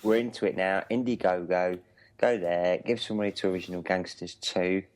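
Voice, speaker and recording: A man's voice: sits low, fairly even intonation, fairly quick, a little mellow. A man co-hosting a casual film podcast, chiming in with short, laid-back remarks. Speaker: podcast co-host.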